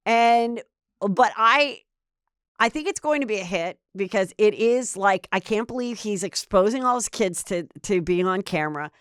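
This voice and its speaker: A woman's voice: medium pitch, lively intonation, normal speed, clear, resonant tone, dry recording, studio quality. A woman hosting a podcast, chatting in a blunt, gossipy way with lots of fillers. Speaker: podcast host. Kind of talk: gossipy casual chat.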